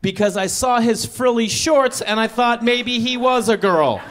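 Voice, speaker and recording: A man imitating his cold, oblivious wife in a flat, offhand voice during a stand-up set. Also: a little high, unhurried, background noise, natural voice. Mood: deadpan. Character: blunt, cold-hearted wife, deadpan and oblivious.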